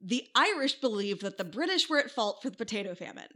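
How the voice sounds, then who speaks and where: A woman's voice: fairly high pitch, sing-song, fast talker, sharp tone. A woman from the American Midwest co-hosting a podcast, telling history in a chatty way with wry asides. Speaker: podcast co-host. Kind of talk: casual history podcast chat.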